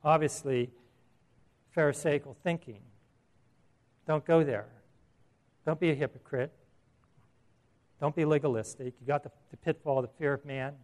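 A middle-aged man preaching a sermon with a slightly high voice. He is earnest and emphatic and keeps putting questions to his listeners. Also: fairly even intonation, normal speed, pauses often, darkish tone. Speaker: pastor.

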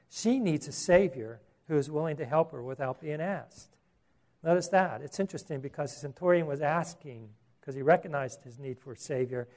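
A man's voice: on the high side, normal speed, darkish tone. Earnest man preaching a sermon. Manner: earnest, repeats words, rhetorical questions.

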